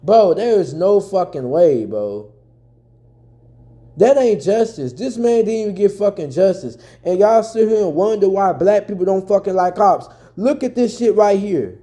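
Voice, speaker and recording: A man's voice: sits high, lively intonation, a little slow, dark tone. A man from Memphis, ranting angrily and full of swearing as he gives his own commentary. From Memphis, Tennessee. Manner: angry, profane, repetitive.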